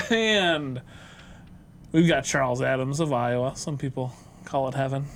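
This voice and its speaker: A man's voice: on the high side, slight background noise. A man co-hosting a casual show, reading game records and delivering made-up facts with a straight face. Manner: deadpan made-up facts, quick asides. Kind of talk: jokey casual show banter.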